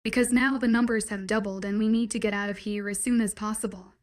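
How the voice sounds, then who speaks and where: A woman's voice: medium pitch, fairly even intonation, fast talker, natural voice. Woman voicing a stern werewolf guy, clipped orders, audiobook. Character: angry commanding young werewolf man.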